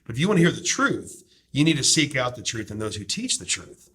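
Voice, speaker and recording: A man with a medium-pitched voice hosts the discussion. He speaks in a fervent, emphatic, preacher-like way and drives his points home. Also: big pitch swings, a little fast, a bit bright. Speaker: host promoting a DVD series. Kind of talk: impassioned discussion.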